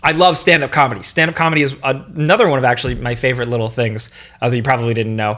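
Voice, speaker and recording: Bright-voiced man with a slight New York accent. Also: rapid-fire. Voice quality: high, animated voice. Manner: rambling, with frequent restarts. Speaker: gaming video host. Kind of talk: casual Q&A chat.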